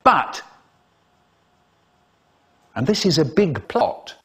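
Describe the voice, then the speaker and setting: A man telling comic stories in an animated, expressive way, in chopped-up clips. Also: a little high, extremely slow, husky. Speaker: storyteller. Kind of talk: spliced comic storytelling clips.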